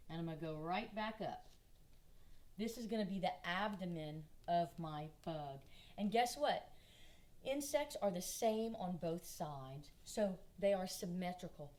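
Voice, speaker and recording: A woman's voice: mid-range voice, darkish tone. A woman with a Southern US accent, leading a kindergarten drawing lesson as an art teacher, patient and encouraging. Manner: patient, encouraging, speaks slowly to small children.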